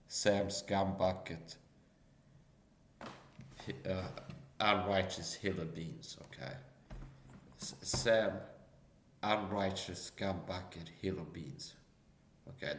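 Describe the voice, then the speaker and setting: A man's voice: sits low, a little hiss or hum. A man ranting casually as a livestream guest, tagging his lines with "okay?" and "see?", recorded with a roomy echo. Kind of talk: casual rant.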